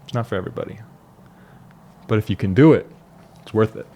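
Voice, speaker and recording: Low-voiced man musing aloud. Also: fast, mellow, slight background noise. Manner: reflective, rambling with restarts and fillers. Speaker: vlogger. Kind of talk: casual personal monologue.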